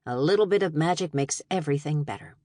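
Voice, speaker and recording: A woman's voice: low voice, expressive, fast talker, mellow, no echo, clean studio sound. A woman voicing a playful, theatrical middle-aged mother in an audiobook, coaxing and doting. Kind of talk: audiobook character voice.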